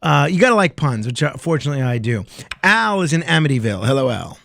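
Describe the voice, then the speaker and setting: A man's voice: medium pitch, sing-song, fast, creaky, fairly bright tone, no room sound. A man hosting a late-night call-in radio show, telling jokes and taking callers with easy chuckles. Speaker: radio host.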